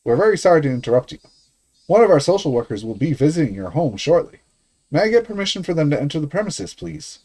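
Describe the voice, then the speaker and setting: A man's voice: fairly high pitch, sing-song, fast talker, dark tone, voice pushed up. A man doing a polite, insistent social worker.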